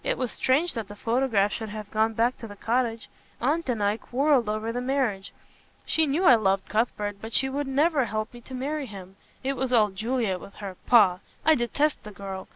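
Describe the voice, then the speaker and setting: A woman reading the part of a jealous, scheming young woman who turns spiteful and shrill, in a storybook reading. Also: moderate pace, highs cut off, natural voice. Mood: cold. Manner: spiteful, flares into shrill fury.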